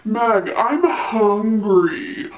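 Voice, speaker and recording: A woman putting on a whiny, drawn-out young roommate. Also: medium pitch, animated, echoey room, far from the mic, poor audio. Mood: whining.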